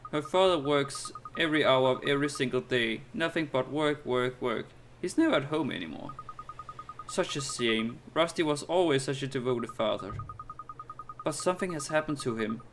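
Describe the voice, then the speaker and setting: With game music playing behind him and slight background noise, a man voices a gossipy old neighbor lady who is fussy yet kindly. His medium-pitched, somewhat bright voice stays close to everyday speech at normal speed as she chatters, sighs, and calls everyone dear.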